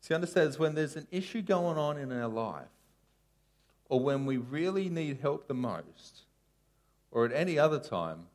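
A man preaching a casual sermon, telling a story with sharp rises and drops in his voice. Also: fairly high pitch, normal speed. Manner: animated storytelling, voice rising and falling sharply.

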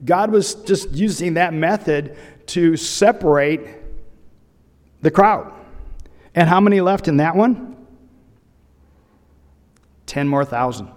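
A man's voice: on the high side, takes it slowly, long pauses, in a large hall. A man preaching a sermon, retelling a scripture story with humorous asides. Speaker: pastor.

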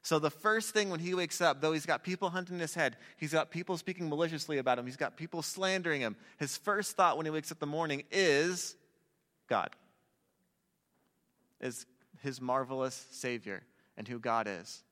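A man preaching a sermon in a relaxed, conversational way, with jokey asides to a young audience. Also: fairly high pitch, moderate pace. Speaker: pastor. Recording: long hall reverb.

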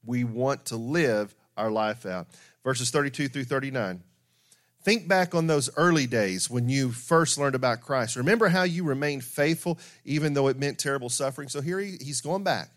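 A man's voice: medium pitch, expressive, normal speed. A man preaching a sermon, earnest and emphatic, reading scripture and acting out the excuses of sinners.

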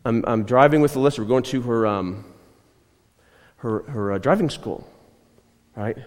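A man's voice: mid-range voice, moderate pace. Male pastor, mid-range voice, chatty storytelling sermon, lots of "right?", long church-hall reverb. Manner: storytelling, repeats himself, often checks with "right?". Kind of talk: conversational sermon.

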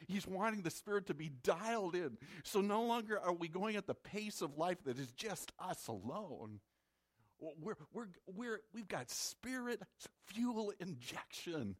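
A man's voice: high voice, animated, normal speed. A man from the Midwest preaching a sermon as a pastor, in a conversational way that repeats words when he presses a point.

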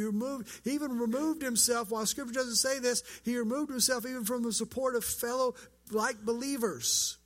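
A man's voice: extremely high pitch, fairly even intonation, fairly quick, a bit bright. A man preaching a sermon as pastor, earnest and conversational, acting out quoted lines.

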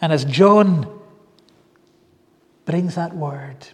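A man preaching a sermon with fervent, drawn-out pleading exclamations, in a church hall. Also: high-pitched, mellow. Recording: echoey hall with long reverb.

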